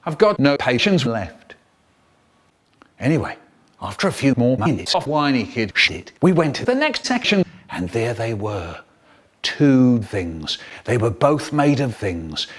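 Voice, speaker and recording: Brief: male storyteller, exaggerated and animated, lively swooping delivery. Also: mid-range voice, unhurried, breathy edge. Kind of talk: comic storytelling, spliced into a remix.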